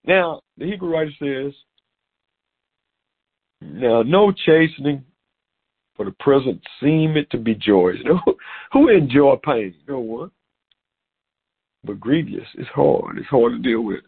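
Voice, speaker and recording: A middle-aged man preaching a sermon over a phone call, animated and repeating words as he goes. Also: mid-range voice, measured pace, creaky, pauses often, breathy edge. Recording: tinny phone-line sound.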